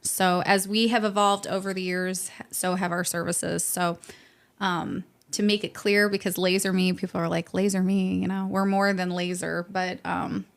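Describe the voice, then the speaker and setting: A woman's voice: fairly low pitch, little pitch movement, normal speed, creaky. A young adult woman from the St. Louis area, chatting upbeat in a podcast interview as a guest, with frequent laughs and fillers. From St. Louis area, USA. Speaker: guest, med spa co-owner.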